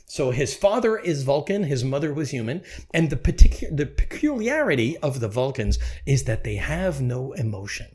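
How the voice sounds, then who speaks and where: A man talking as a guest on a podcast, animated and emphatic, often repeating his points. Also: mid-range voice, moderate pace, hardly any pauses. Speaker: podcast guest, real estate executive. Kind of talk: podcast conversation.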